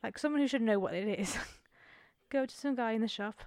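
A woman's voice: on the high side, a little fast, a little mellow, no echo, clean studio sound. A woman in her twenties co-hosting a podcast, telling a rambling, self-mocking story in casual chat at home. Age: 20s. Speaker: podcast co-host. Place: home room with door open, traffic outside.

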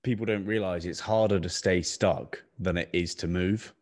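A man's voice: sits low, fairly even intonation, moderate pace. A man hosting a podcast, chatting in an easygoing, encouraging way with the odd swear word. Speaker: podcast host. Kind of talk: casual podcast conversation.

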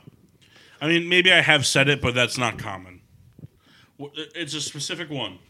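A man's voice: a little high, animated, normal speed, pushed and bright. A man hosting a podcast in casual chat, crude and joking, steering the talk between his co-hosts. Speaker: podcast host. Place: studio.

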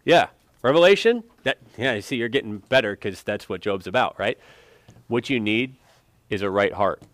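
A man's voice: lowish voice, expressive, normal speed, dry recording. A man teaching an interactive Bible lesson, emphatic and quizzing students for answers.

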